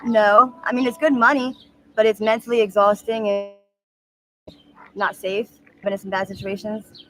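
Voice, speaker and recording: A woman in her thirties telling her story in a candid, halting street interview with many fillers. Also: mid-range voice, little pitch movement, fairly bright tone, slight background noise. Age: 30s.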